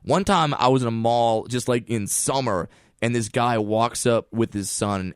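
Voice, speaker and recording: A man's voice: on the low side, normal speed, clear, resonant tone, no echo, clean studio sound. A man telling comic stories in a chat, acting out the people he quotes. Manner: animated storyteller who acts out quoted voices. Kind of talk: storytelling chat.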